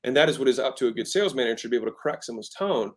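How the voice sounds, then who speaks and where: Rapid-fire and lively in intonation, this mid-range voice comes from a man in his thirties guesting on a podcast. He chats casually about sales in a teaching style, stressing points emphatically and often switching tone.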